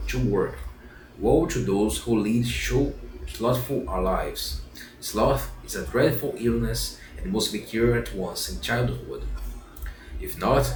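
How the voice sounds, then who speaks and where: A man's voice: fairly low pitch, natural voice. A man voicing a kind but stern fairy who acts as a mother, solemnly repeating her lessons in a storybook reading. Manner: solemn, repeats lines over. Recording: roomy echo, distant mic, faint music.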